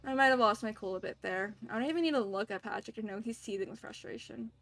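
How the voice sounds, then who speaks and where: A woman's voice: fairly high pitch, fast, creaky, a bit bright, slight background noise. A bubbly, chatty woman streaming a visual novel, reading it aloud with giggles and talking to viewers while a little congested, from her home kitchen. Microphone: desk microphone, not wearing headphones.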